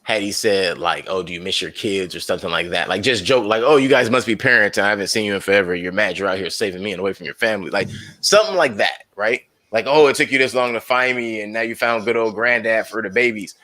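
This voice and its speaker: Casting: laid-back joking man, lowish voice, casual movie podcast co-host. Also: fast talker, bright, forceful tone. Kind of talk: casual movie review chat.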